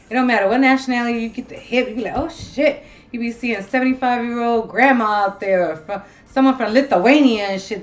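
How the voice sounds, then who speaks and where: A woman's voice: a little high, dull audio. A woman hosting a casual talk show, chatting bluntly and animatedly with plenty of profanity. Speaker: host. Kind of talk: casual chat.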